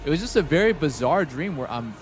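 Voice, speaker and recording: A man's voice: fairly high pitch, lively intonation, fairly quick, over music. A man streaming a casual chat to his viewers, rambling and swearing with lots of "like". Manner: rambling and profane, heavy use of "like". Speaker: game streamer.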